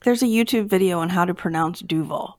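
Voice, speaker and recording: A woman's voice: fairly low pitch, fairly quick, darkish tone, dry recording, studio quality. A woman co-hosting a podcast, chatty and enthusiastic in casual talk over beers. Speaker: podcast co-host.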